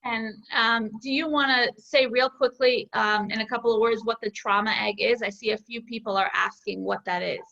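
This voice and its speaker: A woman's voice: on the high side, steady tone, normal speed, vocal fry, hardly any pauses, sharp tone, lo-fi sound. A woman moderating an online symposium, asking a speaker a brief question.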